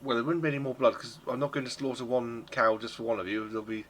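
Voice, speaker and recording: A man runs a tabletop game, with a bright, clear tone at a middling pitch. He rambles as he narrates, padding his lines with ums and restarting sentences. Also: flat delivery, fast. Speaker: game master.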